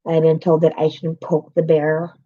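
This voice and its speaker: A woman's voice: sits low, completely flat delivery, normal speed. Upset woman venting on a lo-fi stream. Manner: upset, emotional, swearing, greeting viewers by name. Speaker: live streamer. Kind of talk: venting to live chat.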